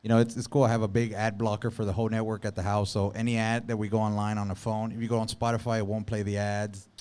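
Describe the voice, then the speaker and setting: Smooth-voiced man in casual chat. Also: fairly low pitch, fast. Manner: relaxed, repeats words as he thinks aloud. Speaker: podcast guest.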